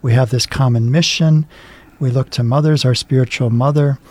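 A man's voice: medium pitch, steady tone, normal speed, a little mellow. A man co-hosting a talk show, speaking in an earnest, reflective way. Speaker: co-host. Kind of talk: studio talk show discussion.

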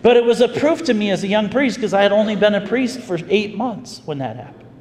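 A man preaching as a pastor, telling a story in an animated, folksy way. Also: sits high, fairly quick, a little hiss or hum. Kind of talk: storytelling sermon. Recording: echoey hall with faint ambience.

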